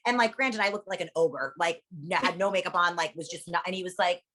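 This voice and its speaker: A woman's voice: fairly low pitch, brisk, fairly bright tone. A young woman, an interview guest, telling stories in a blunt, profane casual chat. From lives in Las Vegas.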